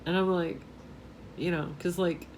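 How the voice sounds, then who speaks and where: A woman's voice: on the low side, fairly even intonation, measured pace, a little mellow, a little hiss or hum. A woman in her twenties from New York, telling a rambling story on her vlog and often laughing at herself. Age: 20s. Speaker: vlogger.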